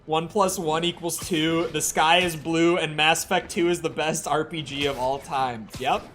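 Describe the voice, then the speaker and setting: A man's voice: fairly high pitch, normal speed. A young man with an American Midwestern accent chatting casually on a live game stream, opinionated and rambling. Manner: opinionated, animated, rambling with restarts.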